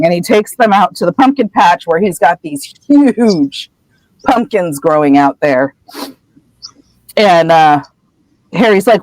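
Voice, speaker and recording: A podcast co-host casually retelling a book chapter, acting out the characters' lines with lively energy. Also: medium pitch, slow, pauses often, no echo, low-quality recording. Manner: animated storyteller acting out quotes.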